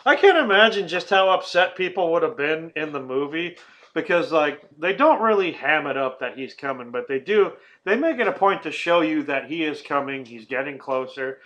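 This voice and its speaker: A man's voice: fairly high pitch, expressive, moderate pace, a bit bright, low-quality recording. A man hosting a casual movie-review podcast, rambling and swearing, often laughing and acting out silly quotes. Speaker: podcast host.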